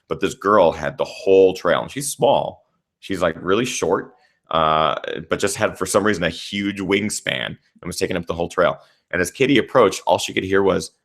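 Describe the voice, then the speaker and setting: A young man with a notably low, deep voice tells a race story with animated energy. His recap is casual and loose, and he swears without holding back. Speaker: trail runner and channel host.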